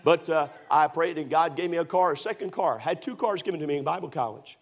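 Middle-aged male pastor, higher-pitched, emphatic storytelling sermon. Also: fast. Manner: emphatic, storytelling, surges to shouts.

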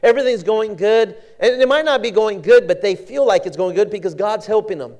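A man's voice: high voice, expressive, brisk, a little mellow. A man preaching a sermon in a folksy, conversational storytelling way, often repeating words and restarting.

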